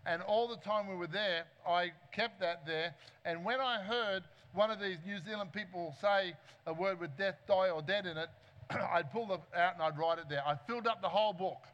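A man preaching a sermon, telling stories in an animated, humorous way with asides to the congregation. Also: high voice, dull audio.

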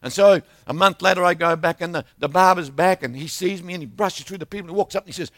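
A man's voice: high-pitched, quick pace, few pauses, fairly bright tone, no echo. An older man, preaching a sermon as a travelling minister, telling stories and asking the congregation for responses.

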